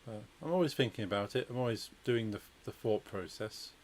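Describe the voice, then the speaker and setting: A man's voice: fairly low pitch, fairly quick, a little mellow. A man streaming a game, chatting casually and answering his co-player with short replies. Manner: short back-channel replies, greets chat viewers. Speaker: streamer, host. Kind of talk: casual chat while gaming.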